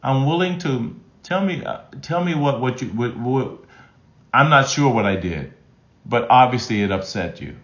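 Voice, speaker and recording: A male relationship coach talking on a live stream with a lively, animated pitch that swoops up and down. He drives his points home by repeating key phrases and often restarts his sentences. The room sounds echoey and a little dull. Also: normal speed. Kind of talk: live-stream teaching, reading chat comments. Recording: roomy, slightly dull sound.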